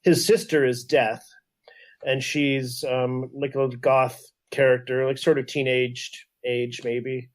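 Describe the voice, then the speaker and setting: A man's voice: mid-range voice, little pitch movement, slow. A Canadian man co-hosting a casual podcast, explaining things in an enthusiastic, rambling way full of fillers. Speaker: podcast co-host. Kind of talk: casual chat.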